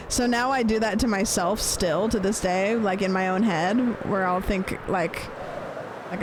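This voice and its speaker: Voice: medium pitch, fairly even intonation, unhurried. Chatty gaming streamer, noisy background. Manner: chatty, rambling, swears casually; playful repeating of phrases with shifting stress. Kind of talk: casual live-stream chat while gaming.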